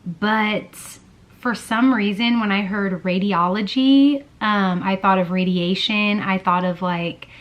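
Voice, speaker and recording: A woman vlogger with a mid-range voice tells a personal story slowly and casually. She's chatty, filling her speech with "like" and "girl," and swears freely and bluntly.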